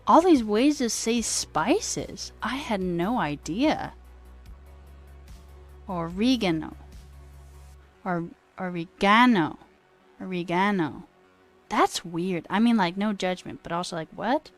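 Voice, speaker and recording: A woman chats casually with her viewers on a live stream, often trailing off mid-thought. She talks slowly and unhurriedly at a middling pitch. Faint music plays quietly behind her. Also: very animated. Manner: chatty, trails off, reads and answers chat. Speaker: coding livestreamer.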